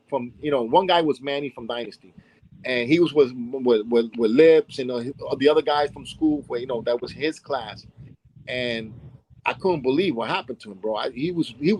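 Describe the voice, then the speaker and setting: In an interview, a hip hop dance pioneer with a Brooklyn New York accent spins old stories, imitating voices and repeatedly asking "you know what I'm saying?" His medium-pitched voice is slightly mellow with a breathy edge, and the recording is rough.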